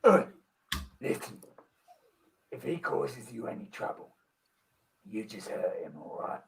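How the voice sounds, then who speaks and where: An improviser putting on the voice of a menacing thug who gives violent advice in a gruff, drawn-out way. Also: male voice, medium pitch, very animated, distant mic, background noise. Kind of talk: improvised comedy scene.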